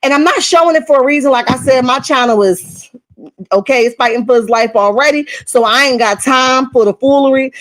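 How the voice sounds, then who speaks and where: Animated woman gossip host. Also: fairly high pitch. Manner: animated, emphatic, repeats okay and right. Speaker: commentary channel host. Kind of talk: casual gossip commentary.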